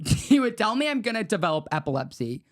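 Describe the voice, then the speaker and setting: Swearing young man telling lively stories. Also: high voice, fairly quick. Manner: crude, lots of swearing, animated storytelling. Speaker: podcast co-host. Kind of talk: casual chat, storytelling.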